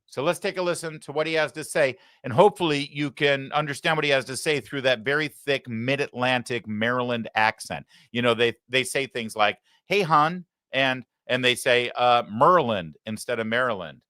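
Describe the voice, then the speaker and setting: Male talk host, mocking commentary, bright forceful voice. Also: mid-range voice, steady tone, brisk, few pauses, smooth, no echo, studio quality. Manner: sarcastic, mocking asides. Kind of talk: live political commentary show.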